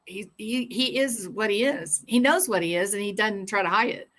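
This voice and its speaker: A woman's voice: mid-range voice, normal speed, fairly bright tone. A woman hosting a true-crime livestream, chatting casually and reading viewer comments with sarcastic, rambling asides.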